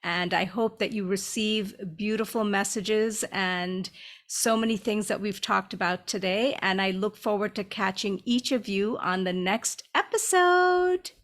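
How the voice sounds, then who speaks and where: A woman's voice: mid-range voice, measured pace. Effusive woman hosting a podcast. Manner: warm and effusive, many fillers. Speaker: podcast host. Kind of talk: casual interview chat.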